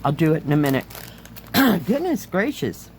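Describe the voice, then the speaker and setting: A middle-aged woman, slightly hoarse, chatting casually as she reviews craft kits and handles them on camera. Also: low voice, sing-song, normal speed, a little mellow, a little hiss or hum. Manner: chatty, enthusiastic, talks while handling items. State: slightly hoarse, losing her voice. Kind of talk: casual chat.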